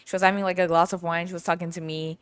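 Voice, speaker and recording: A woman hosting her own podcast, telling a story in a chatty, animated way with lots of asides. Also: fairly low pitch, racing, smooth, dry recording. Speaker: podcast host. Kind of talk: casual storytelling monologue.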